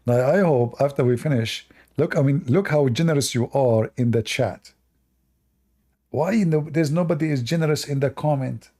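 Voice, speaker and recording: Hosting a debate livestream, a man with a non-native English accent talks casually at a moderate pace, his medium-pitched voice dark in tone. He throws in sarcastic, mocking asides.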